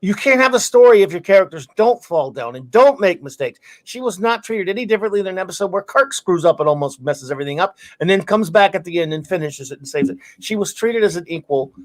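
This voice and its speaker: A man's voice: sits high, expressive. A man hosting a podcast in casual talk, agreeing often and pressing his points firmly. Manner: agreeable, quick affirmations, emphatic points. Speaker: podcast host.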